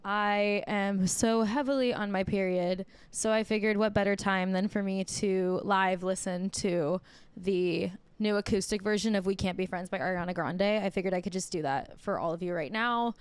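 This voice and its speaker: A woman's voice: medium pitch, steady tone, moderate pace, clean tone, dry recording. A young woman hosting her own podcast from bed, talking casually, giggly and gushing with emotion. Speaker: podcast host. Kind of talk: casual solo chat.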